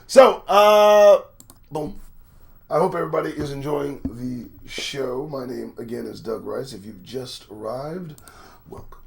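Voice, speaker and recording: High-voiced, animated male commentator. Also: unhurried, gravelly, pauses often. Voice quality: animated, profane, swings from muttering to shouting. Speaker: host. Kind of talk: profane news commentary.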